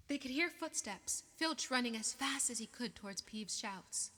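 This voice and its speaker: A woman reading an audiobook aloud in a measured, expressive way. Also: on the high side. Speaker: audiobook reader. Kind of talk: audiobook narration. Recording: long reverb.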